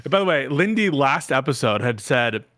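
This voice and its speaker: A man's voice: mid-range voice, sing-song, moderate pace, fairly bright tone, no room sound, clean studio sound. A man giving casual, sarcastic reaction commentary on video clips. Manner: sarcastic, joking. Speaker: stream guest commentator.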